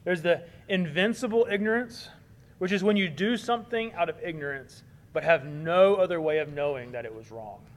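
A man preaching with earnest conviction. His voice sits a little high for a man. He presses hard on key points, then eases into a softer tone. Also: normal speed. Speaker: pastor. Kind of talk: sermon.

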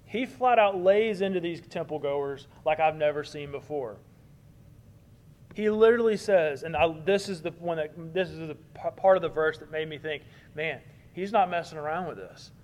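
A man preaching with earnest conviction. His voice sits a little high for a man. He presses hard on key points, then eases into a softer tone. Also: normal speed. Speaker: pastor. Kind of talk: sermon.

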